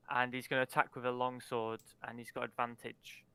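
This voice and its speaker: A man's voice: medium pitch, level tone, normal speed, gravelly, very noisy. A man playing a tabletop game, chatty and hesitant as he describes his character's moves. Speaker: player. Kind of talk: casual tabletop play.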